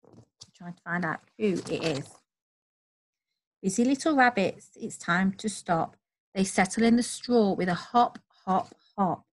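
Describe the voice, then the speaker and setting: A woman reading a children's bedtime story aloud, gentle and slow, with high, playful animal noises.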